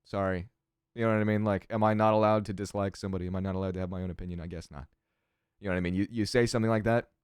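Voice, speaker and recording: A man's voice: on the low side, steady tone, racing, darkish tone, clear, resonant tone, no room sound, studio quality. A man casually reading chat on his livestream, sardonic and crass, swearing freely.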